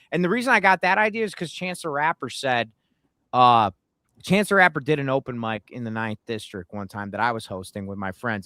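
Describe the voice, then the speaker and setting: Guy telling stories on a podcast, animated, bright sharp voice, acts out what people said. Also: medium pitch, no echo, clean studio sound. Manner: animated, acts out quotes, swears when worked up. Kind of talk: casual chat, storytelling.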